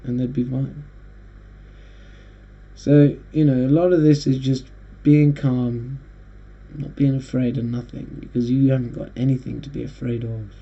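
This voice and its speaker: A man hosting a casual monologue, rambling and halting with frequent restarts. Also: mid-range voice, level tone, slightly rough. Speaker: host. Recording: dull lo-fi recording.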